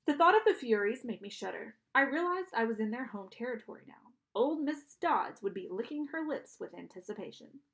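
A woman narrates a storybook aloud, giving each character a voice of their own. Her voice sits a little high with a gravelly edge. She sometimes trips over a word and restarts it. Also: lively intonation, a little fast, few pauses, fairly bright tone. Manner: reads with small restarts and self-corrections. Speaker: audiobook reader.

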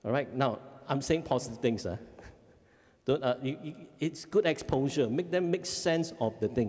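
Animated Singaporean man in a hall. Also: mid-range voice, moderate pace. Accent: Singaporean English. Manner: animated, acts out kids' voices, frequent "okay?" checks. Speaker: family life educator. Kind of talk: parenting seminar talk. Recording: long hall reverb.

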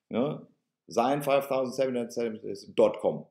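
A man with a German accent rants to camera like a preacher. He is sarcastic and emphatic and repeats his points. His pitch swoops widely, and the echoey room gives his voice a roomy ring. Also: big pitch swings, normal speed, darkish tone. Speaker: online religious video host.

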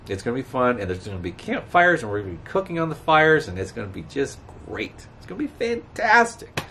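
Vlogging outdoors beside a road, a man rambles chattily to camera, chuckling and talking back to passing traffic. His voice is medium-pitched and a bit bright, with faint outdoor ambience and cars going by.

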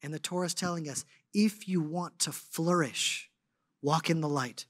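A man giving a sermon as a guest speaker, telling stories in an animated, conversational way with lots of casual fillers. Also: fairly high pitch, moderate pace, dry recording, studio quality. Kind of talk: storytelling sermon.

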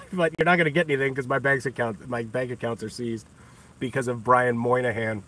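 A man's voice: medium pitch, fairly even intonation, brisk, a bit bright. A man ranting on his own livestream, scornful and taunting, cursing freely and breaking into laughter often. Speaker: livestream host. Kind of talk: profane livestream rant.

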